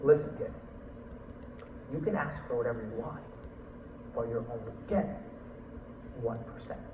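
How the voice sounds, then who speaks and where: A man voicing a menacing, mob-connected music executive who speaks in a low, flat, threatening way. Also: normal speed, reverberant, recorded from a distance, dull audio, noisy background, lightly acted.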